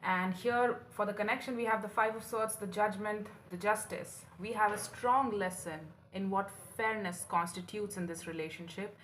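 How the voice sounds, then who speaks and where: A woman's voice: medium pitch, steady tone, moderate pace, few pauses, fairly bright tone, slight background noise, low-quality recording. A woman giving a casual tarot reading, talking in a rambling, repetitive way and acting out what people might say. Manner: rambling and repetitive, acts out quoted lines. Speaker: tarot reader.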